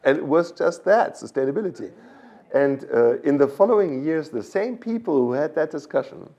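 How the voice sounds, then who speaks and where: There's vocal fry and a darkish tone to this German-accented man's mid-range voice. He's an animal science expert appearing as a podcast guest, explaining things like a lecturer and frequently checking in with "okay?".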